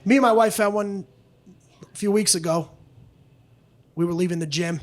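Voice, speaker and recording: Loud, profane high-voiced male comic. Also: moderate pace. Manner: loud, profane, acts out both sides of arguments. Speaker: stand-up comedian. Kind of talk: stand-up comedy set. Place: comedy club stage with a live audience. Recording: live club recording with audience noise.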